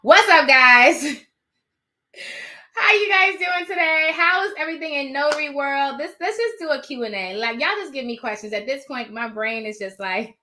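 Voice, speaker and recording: A woman hosting a casual live stream from her home office, animated and rambling as she talks to viewers. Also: high voice, normal speed, noisy background.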